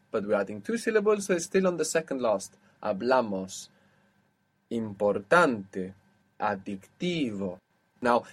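A man teaching a language lesson to a single student. He explains patiently, step by step, and stops to quiz her. His voice sits at an ordinary middle pitch. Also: darkish tone.

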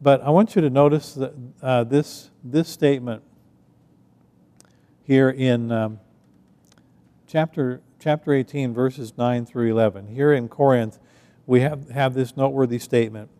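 Halting man preaching in an echoing church. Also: mid-range voice, dark tone. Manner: conversational, halting with frequent restarts. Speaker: pastor. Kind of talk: sermon.

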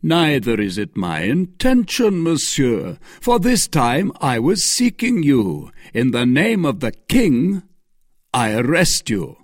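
A man's voice: medium pitch, huge pitch swings, slow pace, dry recording, studio quality, pitched above the performer's own voice, full character voice. A man voicing a stern cardinal's equerry. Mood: commanding. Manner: formal, commanding.

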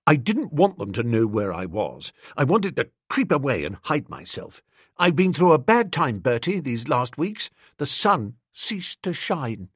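A man's voice: medium pitch, very animated, measured pace, husky, dry recording, studio quality. A man voicing a moody lovesick young gent. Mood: brooding. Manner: gushing and petulant, sighs over his beloved. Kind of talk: audiobook character voice.

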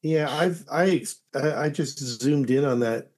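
A man's voice: medium pitch, a little slow, a little mellow. A man co-hosting a podcast, chatting casually and joking about a comic. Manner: joking, muses aloud. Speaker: podcast co-host. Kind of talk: casual chat.

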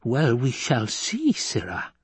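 A man voicing a stern, commanding old woman who speaks slowly and with menace, sometimes sinking to a whisper. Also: medium pitch, wildly swooping pitch, slightly rough, no echo, exaggerated voice. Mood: menacing. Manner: imperious, slow and menacing, dropping to whispers.

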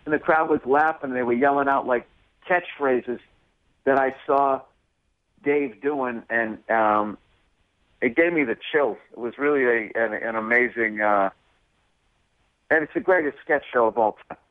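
Animated man on a tinny phone line. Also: medium pitch, unhurried, pauses often, no room sound. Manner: animated storyteller, acts out voices. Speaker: comedian guest. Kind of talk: casual interview storytelling.

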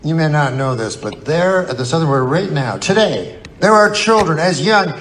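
Deadpan rambling male stand-up comic. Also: a little high, moderate pace. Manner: deadpan, rambling, mock-earnest with sudden outbursts. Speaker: stand-up comedian. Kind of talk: stand-up comedy set. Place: live comedy venue with laughing audience. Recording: live stage recording with crowd laughter and noise. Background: audience laughter.

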